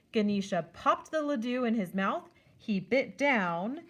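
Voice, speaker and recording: Animated woman reading a children's story. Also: mid-range voice, a little slow, few pauses. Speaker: school staff reader. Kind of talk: children's story read-aloud.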